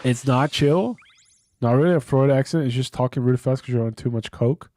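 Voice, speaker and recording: A man streams live, chatting casually in a mid-range, darkish voice at a brisk pace, with no room sound. He swears freely and rambles off the cuff.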